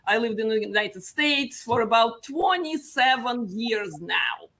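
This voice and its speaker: A middle-aged woman from Russia with a Russian accent, chatting as a guest with quick, self-deprecating asides. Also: a little high, expressive, bright, forceful tone, poor audio. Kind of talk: casual chat.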